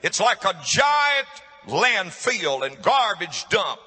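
Husky fervent preacher man in reverberant hall. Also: sits high, big pitch swings, takes it slowly, bright, forceful tone, faint music behind. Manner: fervent, repeats hallelujah. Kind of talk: camp meeting sermon. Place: large meeting building.

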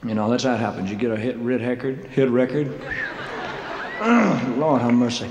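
A man telling rambling, self-mocking stories from a concert stage, laughing between phrases and clearing a frog from his throat. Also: medium pitch, moderate pace, muffled recording, a crowd in the background. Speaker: singer performing live. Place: large showroom stage. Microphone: stage microphone. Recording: echoey hall live concert recording, faint noise.

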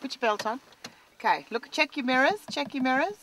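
A woman's voice: high voice, lively intonation, brisk, heavy background noise. An Australian woman in a car, talking in an anxious, exasperated, self-mocking comic monologue. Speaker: columnist.

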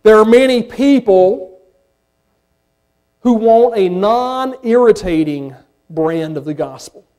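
Folksy Southern preacher, high voice. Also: male voice, animated, slow pace, long pauses, smooth. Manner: folksy, rises to impassioned shouts. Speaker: pastor. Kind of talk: sermon. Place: church sanctuary.

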